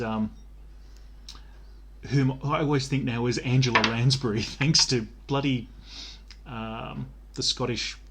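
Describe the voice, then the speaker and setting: A man's voice: medium pitch, gravelly, noisy background. A man co-hosting a podcast, rambling and sardonic in casual chat. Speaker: podcast co-host.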